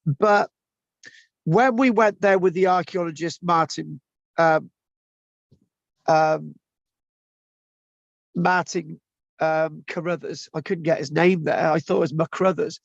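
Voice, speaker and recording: His fairly high, gravelly voice holds a steady tone as this online lecturer talks slowly and pauses often, chatting informally with restarts and tag questions. The recording is dull lo-fi and dry, no echo.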